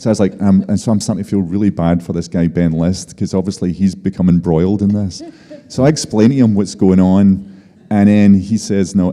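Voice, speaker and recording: A man telling a lively anecdote on stage as a guest, acting out what people said. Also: on the low side. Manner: lively anecdotal, acts out quotes. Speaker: Nobel laureate guest. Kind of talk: storytelling on stage. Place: lecture hall. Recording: long hall reverb.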